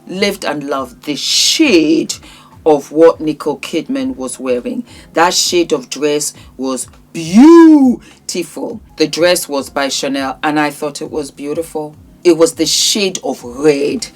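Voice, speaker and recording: Low-voiced woman gushing over fashion. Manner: effusive, repeats her praise over and over; talks straight to the celebrities as darling. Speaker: fashion vlogger. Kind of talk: casual red-carpet fashion review.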